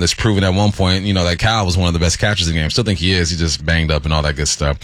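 A man co-hosts sports radio in a low voice, bantering playfully and teasing. The sound is dry and close. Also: dry recording. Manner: playful, teasing, laughs often. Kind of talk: casual sports talk banter.

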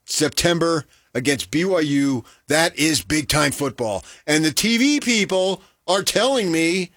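A man co-hosting a sports talk show, joking wryly in a lively, animated way. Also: on the high side, unhurried, dry recording, clean studio sound. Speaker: sports radio co-host.

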